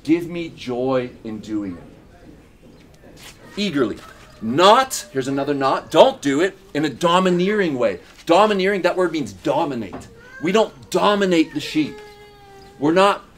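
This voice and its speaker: A man's voice: a little high, big pitch swings, normal speed, fairly bright tone, slight background noise. A man preaching a sermon as pastor, emphatic, with repeated phrases and rhetorical questions. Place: church in Uganda.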